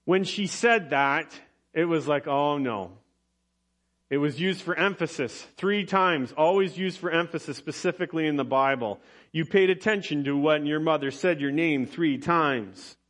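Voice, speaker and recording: Man, pastor, sermon, slow deliberate delivery, slightly high voice, humorous asides. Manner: expressive preaching with humor and rising emphasis.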